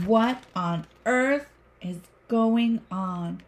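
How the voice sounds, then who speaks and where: A woman teacher reading a picture book aloud to young children, expressive with gasps and exclamations. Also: mid-range voice, drawn-out words, a little hiss or hum.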